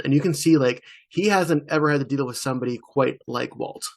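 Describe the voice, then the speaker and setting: A man's voice: medium pitch, fairly quick, creaky. A man co-hosting a podcast in casual, conversational chat. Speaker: podcast co-host.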